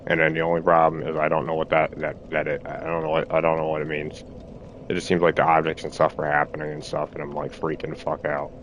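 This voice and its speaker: A man rambling through a halting monologue, repeating himself, restarting phrases and swearing as he tries to reassure himself. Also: rumbling low, completely flat delivery, a bit bright, a little hiss or hum. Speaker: streamer.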